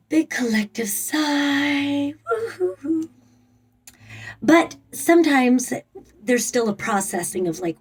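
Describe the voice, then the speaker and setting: A woman's voice: mid-range voice, husky, poor audio. A woman giving a casual tarot reading in a rambling way, with frequent fillers and blunt swearing. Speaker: tarot reader.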